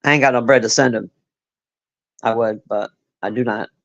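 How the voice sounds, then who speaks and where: A creaky, slightly bright medium-pitched voice with fairly even intonation and a moderate pace, captured with lo-fi sound, belongs to a streamer chatting casually with viewers. He swears freely, rambles with lots of fillers, and responds to chat by name.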